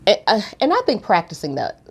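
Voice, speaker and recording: A woman co-hosting a relationship podcast in casual chat, chatty and animated. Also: mid-range voice, brisk, creaky, slightly rough. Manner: chatty, animated, laughs easily. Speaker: podcast co-host.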